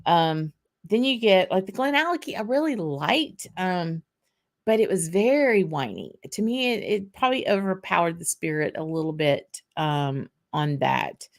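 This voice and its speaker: A woman's voice: lowish voice, lively intonation, normal speed. A woman with a Southern US accent hosting a casual whisky livestream, chatting loosely with lots of ums and laughs as she answers viewer comments.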